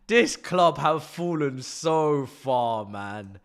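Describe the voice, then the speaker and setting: Animated, high-voiced fan ranting. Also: male voice, unhurried. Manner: exasperated ranting, mocking, often laughing. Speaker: football fan streamer. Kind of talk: live match watch-along commentary.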